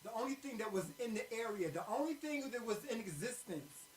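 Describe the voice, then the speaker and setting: A man's voice: sits high, fairly quick, over a noisy crowd. A man co-hosting a show, telling a story casually and dramatically. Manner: dramatic, expressive. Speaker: co-host. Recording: echoey room, away from mic.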